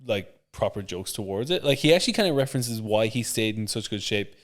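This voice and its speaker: A man's voice: lowish voice, lively intonation, a little fast. A man co-hosting a gaming podcast, chatting casually with lots of enthusiasm and frequent swearing. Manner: enthusiastic, swears often, jumps between topics. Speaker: podcast co-host. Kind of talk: casual chat.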